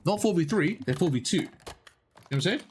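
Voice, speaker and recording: Young guy coaching a gamer, talks fast and blunt, cusses a lot, faint noise behind. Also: sits high. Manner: animated, blunt, swears freely. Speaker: gaming coach. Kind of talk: casual coaching over gameplay.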